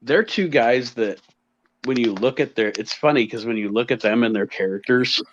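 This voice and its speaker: A man's voice: medium pitch, moderate pace, dull audio, slight background noise. A man in casual podcast chat who hesitates and restarts his sentences.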